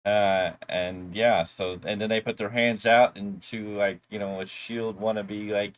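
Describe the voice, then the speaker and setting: A man's voice: fairly low pitch, steady tone, measured pace, hardly any pauses. A man co-hosting a wrestling review show, recapping the episode in a rambling, casual way with loose asides.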